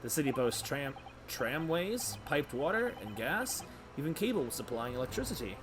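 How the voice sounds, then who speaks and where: A man voicing an imposing, pompous elderly chief justice in a put-on generic British accent, reading a game's lines slowly and formally over faint game music. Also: a little high, very animated. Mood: boastful. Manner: stately, slow, formal.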